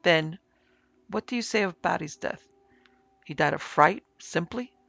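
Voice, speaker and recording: A man voicing an excitable, irritable big Frenchman with agitated, exclamatory speech in an audiobook reading. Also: a little high, unhurried, creaky, no echo, heavily acted.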